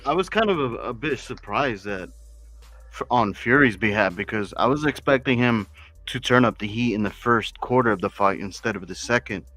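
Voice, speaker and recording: A man's voice: mid-range voice, animated, normal speed, fairly bright tone. A man hosting a casual boxing podcast, speaking hesitantly and restarting his phrases. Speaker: podcast host.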